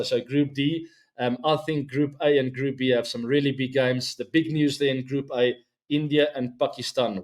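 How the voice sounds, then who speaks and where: A man's voice: medium pitch, darkish tone. A middle-aged man hosting a cricket show, talking casually and directly to his viewers with frequent ums. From South Africa. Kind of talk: casual solo commentary to camera.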